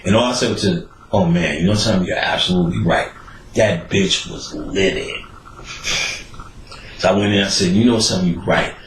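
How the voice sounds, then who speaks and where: A man hosting a podcast, telling stories in a profane, animated way and acting out the people he quotes. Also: low voice, normal speed, reverberant, a little hiss or hum, low-quality recording. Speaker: podcast host. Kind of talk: casual storytelling monologue.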